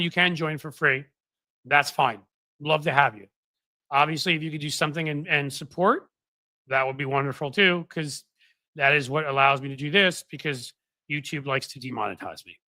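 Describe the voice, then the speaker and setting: Guy rambling to his live chat, kinda high bright voice, dry close mic. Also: no room sound. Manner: rambling, chatty, many fillers and restarts. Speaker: political commentary host. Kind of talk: casual live-stream chat. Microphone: desk microphone.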